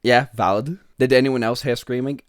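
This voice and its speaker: A man's voice: mid-range voice, fairly even intonation, normal speed, dry recording, studio quality. A man hosting a webtoon reaction, talking casually, swearing freely and laughing often. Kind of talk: casual reading and reaction commentary.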